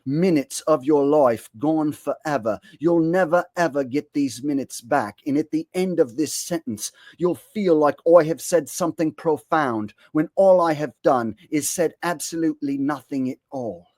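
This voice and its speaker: Guy ranting at the camera, cussing a lot, bit higher voice, dry sound. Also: normal speed, few pauses, a little mellow, dry recording. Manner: swearing, blunt, sarcastic. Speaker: comedian commentator. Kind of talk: profane rant to camera.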